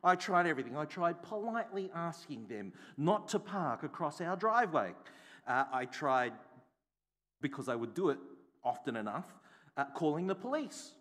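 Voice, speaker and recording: A man's voice: on the high side, big pitch swings, normal speed, fairly bright tone. A man, a bishop preaching a sermon, telling a personal story and asking the congregation repeated rhetorical questions. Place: church. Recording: echoey hall.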